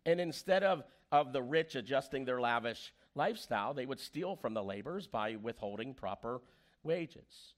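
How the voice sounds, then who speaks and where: A man's voice: medium pitch, normal speed. A man preaching a sermon as pastor, telling stories and acting out the quoted voices. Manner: animated storyteller, acts out quoted voices.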